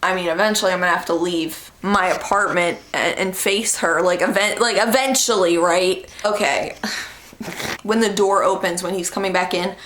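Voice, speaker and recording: A young woman vlogger telling a storytime in casual chat, animated, laughing often and acting out quotes. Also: on the low side, moderate pace, slight background noise. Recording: echoey room.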